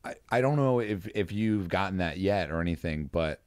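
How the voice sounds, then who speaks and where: A podcast host asks loose, rambling questions and fills the gaps with "uh" and "you know." His voice is on the low side. The sound is dry and close. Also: lively intonation, moderate pace, a little mellow, clear, resonant tone, dry recording. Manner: rambling questions, many fillers. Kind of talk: casual podcast interview.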